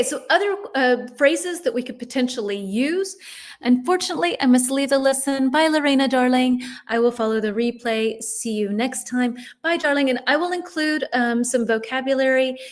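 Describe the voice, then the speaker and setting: Woman, middle-aged, English teacher, live lesson, chatty, reads comments aloud, fairly high voice. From United States.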